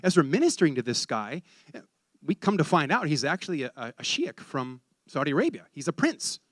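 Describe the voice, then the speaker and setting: A man's voice: a little high, very animated, a little fast, no echo, studio quality. A man preaching a sermon, telling a story and acting out the conversation, then rising to fervent exhortation.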